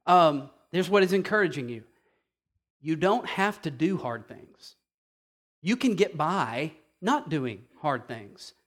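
A man preaching a sermon, animated and emphatic, repeating key phrases and speaking straight to the congregation. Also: fairly high pitch, slow. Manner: animated, emphatic preaching with repetition and direct address. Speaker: pastor.

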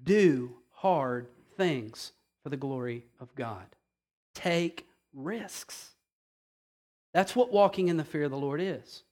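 A man preaching a sermon, animated and emphatic, repeating key phrases and speaking straight to the congregation. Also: fairly high pitch, slow pace. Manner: animated, emphatic preaching with repetition and direct address. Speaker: pastor.

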